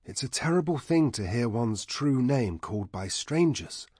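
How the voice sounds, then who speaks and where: A man voicing a grieving man haunted by dreams, quiet and weary in a husky hushed voice. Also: mid-range voice, animated, moderate pace, dry recording, clean studio sound, voice pushed up. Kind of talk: audiobook character voice.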